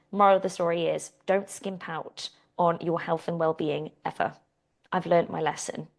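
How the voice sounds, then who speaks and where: Chatty British woman hosting a podcast. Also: medium pitch. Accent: British English. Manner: chatty, animated storytelling with laughs. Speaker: fitness coach and podcast host. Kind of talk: casual Q and A podcast chat.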